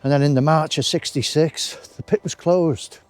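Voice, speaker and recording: A man's voice: a little high, moderate pace. Chatty man on a walk. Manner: chatty, rambling, with friendly asides. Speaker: walking vlogger. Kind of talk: casual walking commentary. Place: outdoors in a wooded country park.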